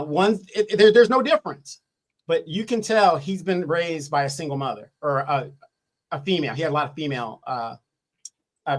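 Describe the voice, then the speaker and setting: A man's voice: on the high side, poor audio. A man giving opinionated political commentary in an emphatic way, asking rhetorical questions and repeating phrases for weight.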